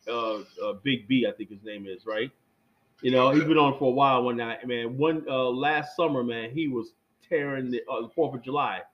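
A middle-aged man, a guest, telling stories in casual chat, rambling and animated, with many fillers and restarts. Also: medium pitch, moderate pace, highs cut off.

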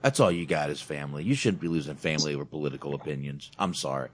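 A man's voice: a bass voice, racing. A man hosting a podcast in casual chat, emphatic, swearing and saying "dude" a lot. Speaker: podcast host.

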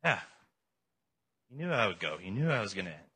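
A man preaching a casual, irreverent sermon, telling the story in plain, loose words. His voice is very bright and tense, with a husky grain. His pitch jumps around in a lively way. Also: quick pace.

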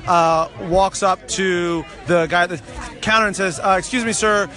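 A man's voice: sits high, steady tone, unhurried, pushed and bright, soft background music. A man telling a long joke in a rambling, stop-and-start way, with many restarts. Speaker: guest.

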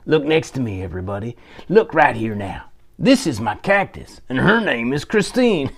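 A man's voice: mid-range voice, very animated. A man hosting a goofy children's storytelling show, speaking playfully and addressing the viewers directly. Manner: slow, sing-song, playful, addresses viewers. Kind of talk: goofy kids' storytelling to a cactus.

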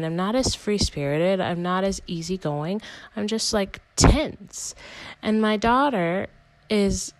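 A woman's voice: mid-range voice, no room sound, low-quality recording. A young woman hosting a casual personal podcast, talking candidly in a rambling way with lots of "like" and self-corrections. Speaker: podcast host.

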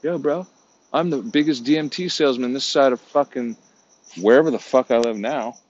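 A man's voice: medium pitch, normal speed, voice pushed up, lightly acted. A man putting on a brash, boastful stoner bro voice, on a muffled lo-fi recording.

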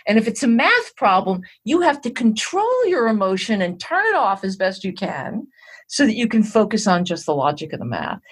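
A woman being interviewed as an expert, explaining ideas in an animated way and checking in with her listener as she goes. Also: mid-range voice, breathy edge. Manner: animated, explains step by step with "all right" check-ins. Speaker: guest expert on emotional intelligence.

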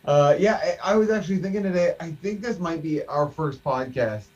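A man's voice: fairly high pitch, animated, brisk, recorded from a distance, highs cut off. A man co-hosting a casual podcast over drinks, joking, laughing often and swearing casually. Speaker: podcast co-host.

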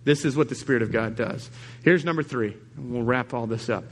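A man's voice: mid-range voice, fairly quick. A man preaching a sermon as pastor, emphatic, repeating key lines and acting out the people he quotes. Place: church service.

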